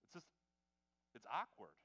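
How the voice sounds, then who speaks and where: A man preaching a conversational sermon, often repeating words and swinging between loud stresses and quiet asides. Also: moderate pace.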